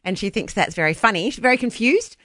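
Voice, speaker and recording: A woman's voice: mid-range voice, expressive, fast talker, fairly bright tone, dry recording. A woman, hosting breakfast radio in a chatty, laughing way from a studio microphone. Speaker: radio host.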